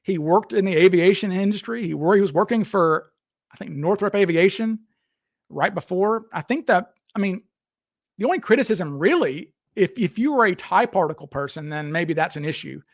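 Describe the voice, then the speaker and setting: A man's voice: sits high, expressive, moderate pace, no room sound. A man hosting a casual live stream, rambling and restarting his sentences as he talks to viewers in chat. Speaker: livestream host.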